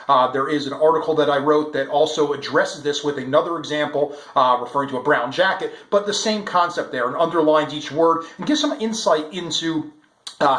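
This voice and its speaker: An upbeat man coaching salespeople through a daily talk, with plenty of "um"s and "uh"s. His voice sits fairly high for a man. The sound carries a roomy echo. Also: a bit bright. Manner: upbeat, encouraging, many "um" and "uh" fillers.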